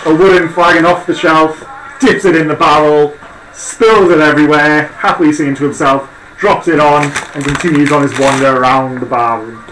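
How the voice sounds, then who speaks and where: A man runs a tabletop role-play game as game master, narrating and answering players as a curt barman. His voice sits a little high. The room is echoey, with clear background noise. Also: fairly even intonation, normal speed.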